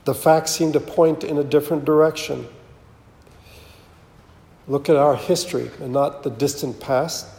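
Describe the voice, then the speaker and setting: A man's voice: a little high, fairly even intonation, vocal fry, dark tone. Solemn man preaching in echoing hall. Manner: slow, measured and solemn. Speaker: pastor. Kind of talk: sermon with scripture reading. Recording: roomy with long reverb.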